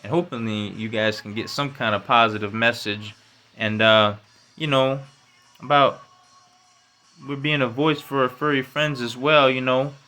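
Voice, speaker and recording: A man hosting his own podcast, rambling in loose, profane slang and dropping "you know, man" all over. His voice is bright and forceful, and he climbs loud and high when he gets fired up. Faint music plays underneath. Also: fairly even intonation, moderate pace. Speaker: podcast host. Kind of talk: casual solo podcast rant.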